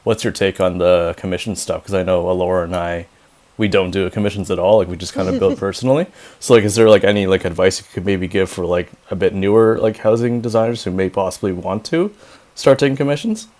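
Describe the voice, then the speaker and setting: Male host, very low voice, loose and chatty, filler-heavy. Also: fast, darkish tone. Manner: rambling, filler-heavy, upbeat. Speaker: podcast host. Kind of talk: casual interview chat.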